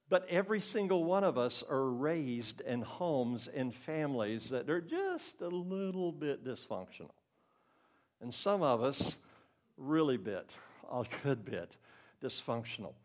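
An older man preaching a sermon in an earnest, conversational way, now and then acting out the voices of the people in his stories. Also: on the high side.

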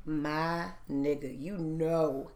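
A woman in her thirties telling a story in casual chat, loud, profane and animated, getting louder when heated. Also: deep voice, very slow, echoey room. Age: 30s.

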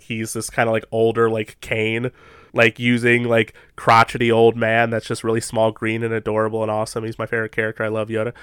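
A young man co-hosting a podcast, talking in an animated, casual way and laughing often. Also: medium pitch, smooth, no echo, clean studio sound. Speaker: podcast co-host. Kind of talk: casual chat.

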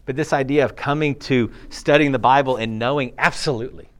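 A man in his thirties preaching a sermon in a conversational, animated way, acting out quotes and laughing often. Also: medium pitch, a little fast. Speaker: pastor.

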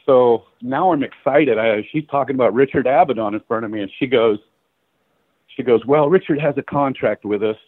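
A middle-aged male photographer, appearing as a guest in a casual storytelling interview, recounts career stories loosely and animatedly, full of "uh" and "you know," laughing and voicing the people involved. His mid-pitched voice moves at a moderate pace over a dry, narrow, phone-like line with no echo.

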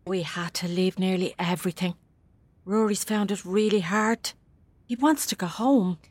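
A nervous young Irish mother, soft and gentle, played by an actress. Her voice is slightly husky and sits mid-range, recorded close and dry. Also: medium pitch, normal speed, no echo, lightly acted. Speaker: daughter. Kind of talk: film drama acting.

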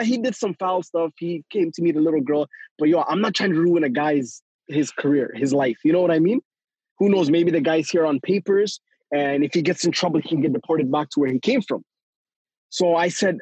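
Young man, high husky voice, animated storyteller who laughs often and acts out the quotes; dry, close sound. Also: no echo, poor audio. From Toronto, Canada. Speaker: guest storyteller. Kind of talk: casual podcast storytelling.

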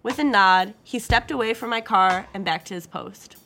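A woman's voice: medium pitch, normal speed, sharp tone, soft background music. Wry woman narrating a crime story. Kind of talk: first-person story narration.

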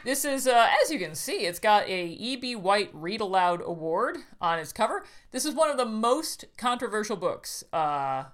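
A woman hosts a casual podcast, her pitch rising and falling a lot as she talks. She laughs often and reads quotes aloud with energy. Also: very animated, moderate pace, few pauses. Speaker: podcast host.

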